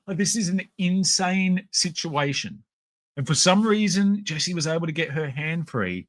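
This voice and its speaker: An Australian podcast host chats casually on a live stream, telling stories in a rambling, animated way packed with fillers. His voice is high-pitched, his speed normal, and the recording dry.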